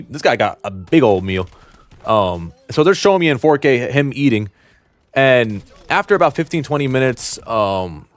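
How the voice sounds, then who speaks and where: A young man telling a personal story to camera in a blunt, slangy, animated way. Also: mid-range voice, no room sound. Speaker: storytime vlogger.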